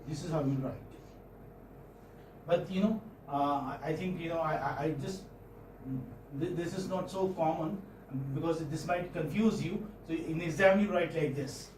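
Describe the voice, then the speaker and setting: A fairly high-voiced man teaching a phonetics class, speaking from a distance in an echoey room with faint hiss behind him. He talks patiently and keeps checking in with his students. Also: normal speed, darkish tone. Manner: patient, checks in often with "okay?" and "hmm?". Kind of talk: classroom lecture. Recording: echoey classroom, mic far off.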